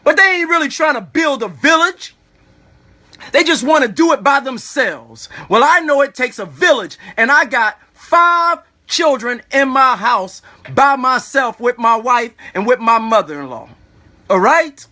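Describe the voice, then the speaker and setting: A man speaking live as a community activist, giving an impassioned, preachy talk with repeated rhetorical questions, emotional and at times shouting. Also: very high voice, lively intonation, measured pace. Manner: preachy, repetitive rhetorical "all right?". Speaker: community activist and children's school organizer. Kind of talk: impassioned live-stream speech.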